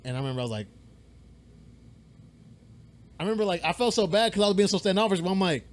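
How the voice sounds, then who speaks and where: A young man co-hosting a podcast, telling a story in a rambling, animated way, swearing freely and acting out the voices of people he quotes. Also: high-pitched, very fast. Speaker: podcast co-host. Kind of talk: casual storytelling chat. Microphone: podcast mic.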